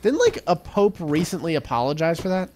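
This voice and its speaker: A man's voice: a little high, big pitch swings, brisk, darkish tone, a little hiss or hum. A man co-hosting a let's play, chatting casually and riffing jokily on trivia tangents. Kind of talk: casual gameplay commentary.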